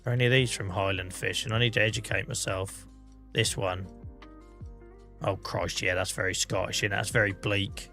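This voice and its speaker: English bloke streaming a farm game, bit of a cold and a cough, rambly and self-mocking, bright punchy voice. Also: male voice, medium pitch. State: under the weather, coughing. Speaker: livestreamer. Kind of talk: casual gameplay commentary.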